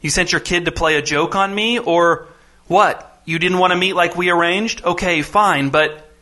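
A hurt, tearful woman, accusing and close to breaking, as a male reader puts her on. The voice is bright and raised a little, cracking under strain in an audiobook telling. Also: high-pitched, normal speed. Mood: indignant.

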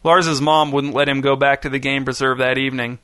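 A man narrating a children's story, steady and measured. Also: mid-range voice, clean tone, no echo. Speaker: audiobook narrator. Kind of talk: scripted narration.

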